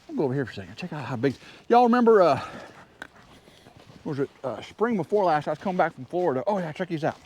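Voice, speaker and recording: Excitable man rambling outdoors. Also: a little high, fast, slight background noise. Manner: excitable, chatty, wanders between thoughts. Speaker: vlogger. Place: outdoors in snowy windy woods. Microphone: handheld camera.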